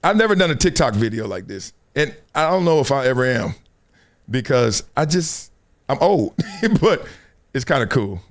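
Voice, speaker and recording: A man hosting a casual livestream of sports commentary, talking in an animated, playful way and laughing often. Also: moderate pace. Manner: animated, playful, laughing, jumps between high and low tones. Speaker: host.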